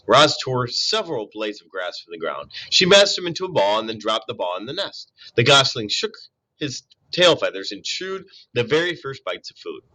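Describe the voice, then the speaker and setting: A man reading a children's novel aloud in an expressive way, with small slips and self-corrections. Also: mid-range voice, normal speed, rough recording. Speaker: storybook reader.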